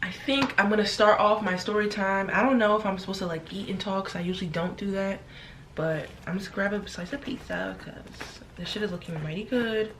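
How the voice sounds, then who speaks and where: A woman's voice: medium pitch, a little fast, fairly bright tone. Young woman vlogger, blunt casual chat with swearing, slightly distant from the mic, faint background hiss. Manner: chatty, blunt, swears freely. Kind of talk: casual story time while eating. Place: her bedroom.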